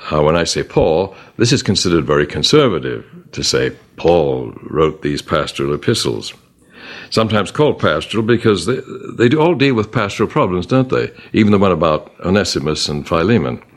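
A man's voice: sits low, normal speed. A man giving a Bible study lecture, reading verses aloud and naming their punctuation. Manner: reads verses aloud with punctuation, animated emphasis. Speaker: Bible teacher.

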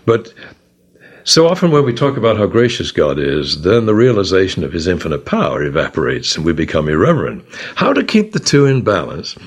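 Man, low husky voice, animated storyteller, leading scripture discussion. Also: a little fast. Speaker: author and discussion leader. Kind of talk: Bible study discussion.

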